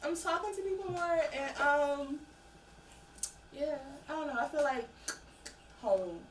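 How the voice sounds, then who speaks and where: A young woman talks in a loose, laughing way during a student panel discussion. Her pitch climbs and falls a lot. She sits back from the mic in an echoey room with audible background noise. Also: big pitch swings, measured pace, recorded from a distance. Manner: laughing, playful. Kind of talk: casual group discussion.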